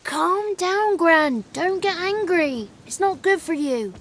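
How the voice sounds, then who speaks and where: A cheeky little swamp sprite. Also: female voice, extremely high pitch, animated, slow, slight background noise, full character voice. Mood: coaxing. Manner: chatty, cheeky, pleading. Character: small mischievous male swamp sprite, cheeky. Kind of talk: video game cutscene acting.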